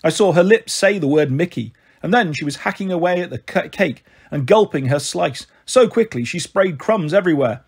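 A man with a husky voice reading a children's novel aloud in a steady first-person narration. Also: on the high side, normal speed, few pauses. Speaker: storyteller. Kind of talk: storybook reading.

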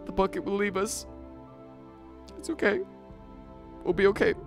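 A man's voice: sits high, lively intonation, normal speed, gravelly, soft background music, voice pushed up. A man putting on a British accent to play a tearful, melodramatic young man mourning a lost bucket. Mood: melodramatic grief. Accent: British, put on. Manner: overwrought, gushing, sobbing theatrics.

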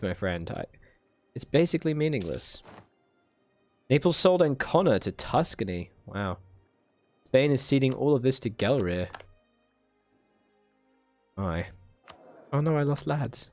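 A man of middle pitch talks his way through a strategy game in a loose, playful ramble. He mutters to himself and cheers on his armies. Faint music sits low behind him. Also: animated, measured pace, long pauses, darkish tone. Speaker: gaming video host. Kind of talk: let's play commentary.

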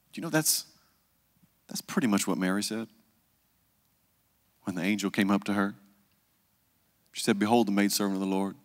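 A male pastor, preaching a conversational sermon and dropping to a hush for the solemn parts. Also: fairly low pitch, normal speed, long pauses, long reverb tail. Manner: conversational preaching, acts out quoted voices, drops to hushed tones.

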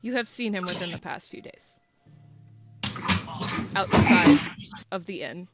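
A woman narrating a tabletop role-playing game as game master, relaxed and full of fillers. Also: lowish voice, measured pace. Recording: faint background music.

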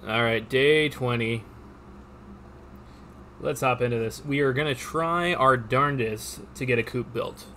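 A chatty, upbeat man talks through his farming game on a live stream, greeting viewers between tasks. His voice sits at an ordinary middle pitch. Faint keyboard typing and a light hum stay in the background. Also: unhurried, pauses often, a bit bright.

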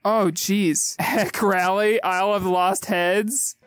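A young man narrates a horror game with sarcastic commentary into a headset mic. He swears freely and mocks everything he sees. Loud game music plays underneath. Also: sits high, level tone, takes it slowly. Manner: sarcastic, swearing, talks back to game characters. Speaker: gaming YouTuber. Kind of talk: gameplay commentary.

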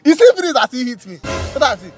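A Nigerian man in a comedy skit, boasting loudly that he controls spirits, laughing often and breaking into panic. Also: very high-pitched, sing-song, fast, loud music behind the voice. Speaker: comedian playing a boastful native doctor. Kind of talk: skit comedy, pidgin-tinged. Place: outdoors in bush.

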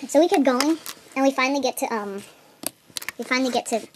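A teenage girl with a high-pitched voice talks quickly over background noise. A video maker, she casually retells an online game session while drawing, rambling with lots of fillers and restarts.

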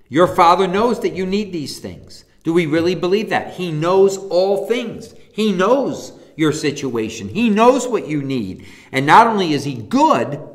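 A man teaches a church Bible class in a somewhat high voice that swings widely in pitch. He reads scripture passages aloud and drives his points home with emphatic questions to his listeners. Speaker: pastor.

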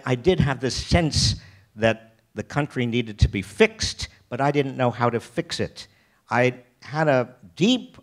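An older American man giving a keynote talk, telling personal stories in a rambling way, with many restarts and wry self-deprecating humor. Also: lowish voice. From United States. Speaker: keynote speaker. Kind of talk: storytelling talk. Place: festival stage.

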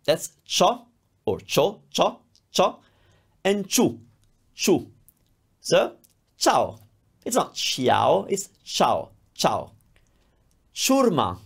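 A man with an Italian accent, a native Italian speaker, teaching a language lesson to camera and repeating words slowly and clearly. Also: high voice. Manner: lively, sounds words out slowly and repeats them.

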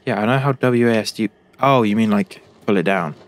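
A young British man, a gaming YouTuber, jokes his way through a game and chats to the characters on screen. His voice sits lowish and moves fairly quickly.

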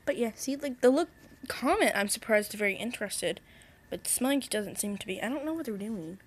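A woman's voice: a little high, expressive, fairly quick, slight background noise. A young woman chatting casually in her daily vlog from her bedroom, rambling and cooing at her pets. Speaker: vlogger. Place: bedroom at home.

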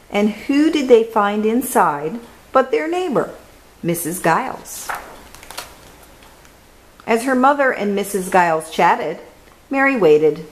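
Slow, gentle woman reading a storybook. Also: medium pitch, poor audio. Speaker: children's book reader. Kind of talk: storybook read-aloud.

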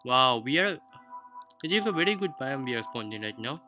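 This let's-play comes from a gaming YouTuber, a man with a non-native English accent who explains the game in formal, somewhat stilted language. He talks a little fast at a medium pitch, with big swings in his intonation. Background music and a low-quality home mic leave the recording rough.

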